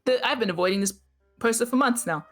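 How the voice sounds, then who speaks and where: A woman's voice: a little high, fast, soft background music. A woman playing in a tabletop game, chatting casually and joking with her group. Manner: playful and joking, laughs often. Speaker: player.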